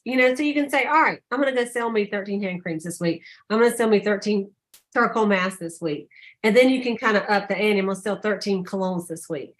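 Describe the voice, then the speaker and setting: A woman telling stories on a casual sales call, chatty and animated. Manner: chatty storyteller, acts out quotes with high voices. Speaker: sales director.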